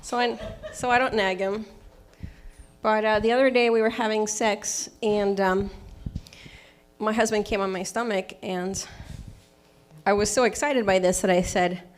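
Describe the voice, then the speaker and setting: A woman's voice: medium pitch, steady tone, a little slow, pauses often. A woman doing a stand-up set on a live stage, hesitant and awkward with many ums. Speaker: stand-up comic. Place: live comedy venue stage.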